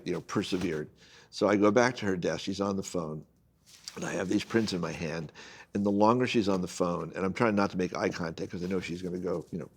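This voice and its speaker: Deep-voiced man telling a story. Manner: animated anecdote-telling, acts out quoted people. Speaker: guest photojournalist. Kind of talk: storytelling in a casual conversation.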